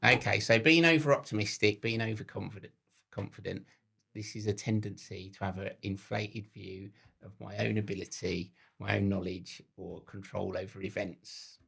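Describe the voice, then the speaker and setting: A man from southeast England with a slight Birmingham twang, co-hosting a casual podcast chat in a thoughtful, self-mocking way that trails off softly. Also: on the low side, steady tone, normal speed, creaky, husky. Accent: southeast English with a slight Birmingham twang. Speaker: podcast co-host.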